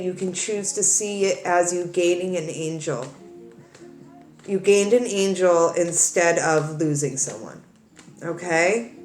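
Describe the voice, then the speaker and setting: In a reverberant space, a tarot reader with a fairly low-pitched voice talks earnestly and tearfully to her audience on camera. She comforts them as she cries, and her speech is full of repeats and restarts.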